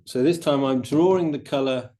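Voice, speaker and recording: A middle-aged man teaching watercolor painting, chatting in a relaxed way and explaining each step as he paints. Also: medium pitch, moderate pace. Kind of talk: painting demonstration.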